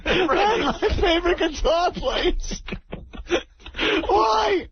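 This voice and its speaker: A man's voice: very high-pitched, lively intonation, extremely slow, gravelly, heavily acted. A man putting on a weepy, blubbering older male baseball team owner who sobs between lines, on a lo-fi radio broadcast. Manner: sobbing and whimpering between lines. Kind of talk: radio comedy impression.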